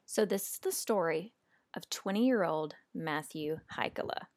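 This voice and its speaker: A woman's voice: lowish voice, animated, a little slow, no echo, studio quality. A woman co-hosting a podcast in casual chat, giggly and playful as she tells a story. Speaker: podcast co-host.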